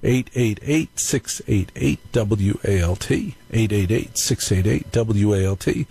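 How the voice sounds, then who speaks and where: Husky-voiced playful radio host man. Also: on the low side, a little slow, mellow, rough recording. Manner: playful, jokey storytelling. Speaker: radio talk show host. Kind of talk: live call-in radio monologue.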